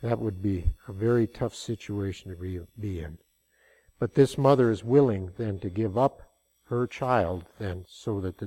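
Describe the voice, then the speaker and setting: Older guy preaching, folksy storyteller, middle-pitched voice, gets loud on the big points. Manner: folksy storytelling with rising emphatic passages. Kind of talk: sermon.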